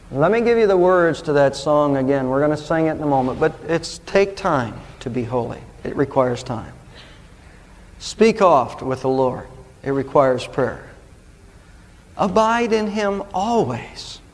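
A man preaching a sermon as pastor, earnest and emphatic, slowing down to stress key words. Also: a little high, in a large hall.

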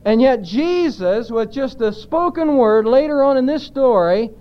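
A man delivers a sermon with a notably high voice, pressing his points with emphasis. He throws rhetorical questions out to the congregation. The recording is muffled and lo-fi, with its highs dulled. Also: expressive, a little slow, clean tone. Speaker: pastor. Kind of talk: expository sermon.

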